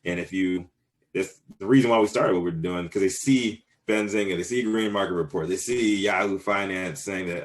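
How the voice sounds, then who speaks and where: A man's voice: deep voice, normal speed. A man in his thirties answering interview questions casually, rambling with many fillers and restarts. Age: 30s. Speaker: cannabis business owner, guest.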